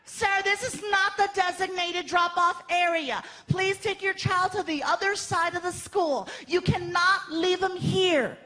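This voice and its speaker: A man's voice: very high voice, steady tone, a little slow, few pauses, bright, forceful tone, pitched above the performer's own voice, full character voice. A man voicing a stern, fussy female school principal. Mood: scolding. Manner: fussy, officious.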